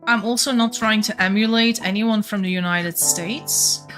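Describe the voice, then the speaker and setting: Young woman, light Flemish accent, medium pitch, chatty live-streamer talking through her game, soft music underneath. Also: steady tone, normal speed. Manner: chatty, thinks aloud, restarts sentences. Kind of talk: casual live-stream chat while playing.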